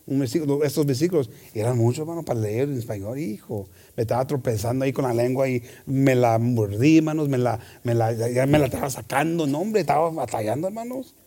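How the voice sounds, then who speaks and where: A man preaching a lively sermon, switching between Spanish and English and shouting for emphasis. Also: mid-range voice. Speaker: pastor. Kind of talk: bilingual sermon.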